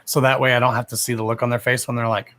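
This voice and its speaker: A man's voice: medium pitch, flat delivery, very fast, fairly bright tone. A young man hosting a psychic reading livestream, chatting casually with viewers by name, swearing freely and laughing often.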